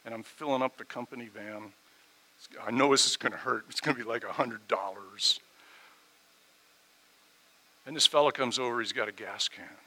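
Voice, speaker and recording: A middle-aged man preaching a sermon, telling a personal story and swinging from quiet asides to loud, emphatic peaks. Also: mid-range voice, low-quality recording. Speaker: pastor.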